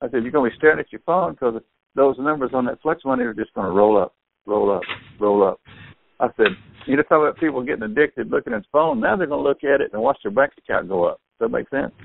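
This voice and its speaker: An older man tells sales stories in an excitable rush, acting out the voices of the people he met. His voice is gravelly. The call comes through a tinny phone line. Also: medium pitch, fast talker, a little hiss or hum. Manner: excitable storyteller, acts out quotes. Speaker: store owner and sales partner. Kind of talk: phone conversation.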